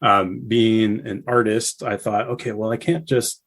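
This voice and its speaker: Low-voiced man telling an excited story. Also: measured pace, husky. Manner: animated storyteller, acts out quotes with rising pitch. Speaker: podcast guest, artist. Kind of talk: casual storytelling interview.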